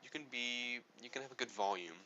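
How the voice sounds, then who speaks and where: A man's voice: medium pitch, a little fast, sharp tone, muffled recording, a little hiss or hum. A man giving a casual spoken tutorial on speaking, rambling and correcting himself as he goes. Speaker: speaking coach.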